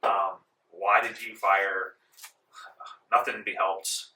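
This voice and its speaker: A man's voice: fairly low pitch, flat delivery, slow, sharp tone, roomy sound, far from the mic, full character voice, low-quality recording. A man playing a flustered British officer.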